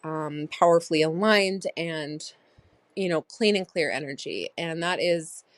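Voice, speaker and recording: A woman's voice: deep voice, expressive, unhurried, dry recording. A woman in her thirties hosting a personal diary podcast, reflective and rambling with many fillers. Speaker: podcast host.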